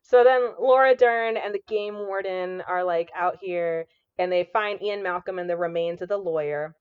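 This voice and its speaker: A woman's voice: lowish voice, moderate pace, clear, resonant tone, no echo, narrow, tinny audio. A woman co-hosting a podcast, casually retelling a movie with lots of fillers and acted-out quotes. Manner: chatty, many fillers, acts out quoted lines. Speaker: podcast co-host. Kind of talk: casual chat, recapping a movie.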